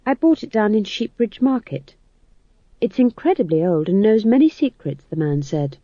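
A woman's voice: medium pitch, very animated, moderate pace, dry recording, voice pushed up. A woman voicing an earnest, anxious young female witch who pleads and quavers. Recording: dull dry studio read.

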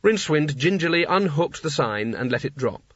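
A man giving measured, wry scripted narration of an audiobook. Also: fairly high pitch, expressive, a bit bright, dry recording. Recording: dull dry audiobook recording.

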